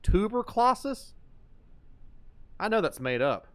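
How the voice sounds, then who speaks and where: Male game streamer, slightly high voice, lively and excitable, crude comic patter. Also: normal speed. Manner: goofy, crude, excitable joking. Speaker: livestream host playing horror games. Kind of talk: casual gameplay commentary.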